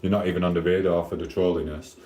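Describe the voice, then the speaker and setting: Talking quickly in a low, warm, fairly even voice, this middle-aged livestream host from Sheffield chats casually with viewers as he cooks at home. He rambles along in matey South Yorkshire banter, and the room he's in is big and echoing.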